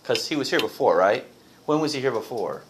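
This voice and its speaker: A man's voice: mid-range voice, expressive, a little fast, slight background noise, poor audio. A man teaching a Bible study class, asking his group questions and reading verses aloud.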